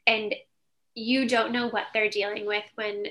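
Bright-voiced woman telling a story casually. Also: medium pitch, flat delivery, measured pace. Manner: rambling, full of "like" and "um". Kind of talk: casual chat, personal storytelling.

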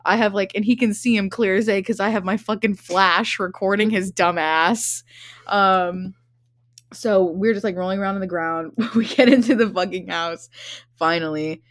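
A woman's voice: mid-range voice, normal speed, fairly bright tone, no echo, clean studio sound. A young woman in her twenties hosting a podcast, telling a rambling, profane story in casual chat and laughing often. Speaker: podcast host.

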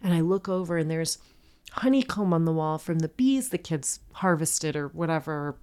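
Podcast lady ranting about a pricey school fair, lots of f-words, a bit low-pitched. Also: expressive, moderate pace, a little mellow, clean tone. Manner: swears a lot, acts out quoted people. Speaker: podcast co-host. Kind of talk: casual storytelling chat.

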